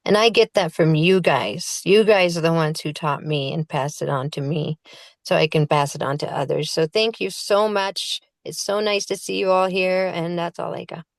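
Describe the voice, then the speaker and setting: A woman's voice: fairly low pitch, steady tone, moderate pace, gravelly, no room sound, clean studio sound. A woman giving a personal recovery share at a meeting, eager but hesitant with fillers. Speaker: meeting attendee sharing.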